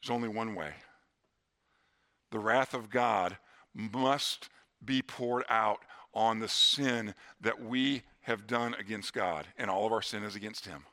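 A middle-aged man preaching a sermon in a church, earnest, slowing down and dropping to a hush on key lines. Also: fairly low pitch. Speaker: pastor.

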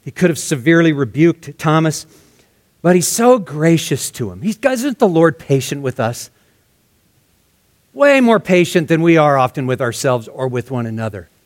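A man preaching a verse-by-verse sermon in a conversational way, dropping to soft, hushed tones for emphasis. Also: on the high side, animated, normal speed. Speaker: pastor. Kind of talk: expository sermon.

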